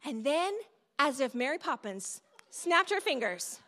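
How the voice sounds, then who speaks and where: Speaking a little slowly, very animated, her high-pitched voice sharp in tone, a middle-aged woman delivers a storytelling-style sermon at a church event. She keeps turning to the audience with asides, and the sound carries long hall reverb.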